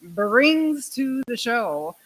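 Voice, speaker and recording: A woman's voice: a little high, sing-song, extremely slow, a little hiss or hum, rough recording. A woman in casual podcast chat, chatty and giggly, admiring the production work.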